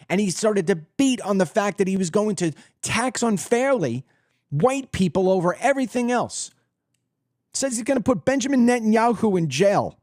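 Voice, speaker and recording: A man hosting his own political commentary show, delivering a heated monologue in a blunt, combative way that swings between loud outbursts and low, threatening tones. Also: no room sound, studio quality.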